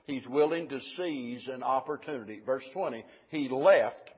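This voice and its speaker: A man's voice: medium pitch, moderate pace, slightly rough, dull audio. A man preaching a sermon to a congregation, building from conversational asides to fervent, emphatic declarations.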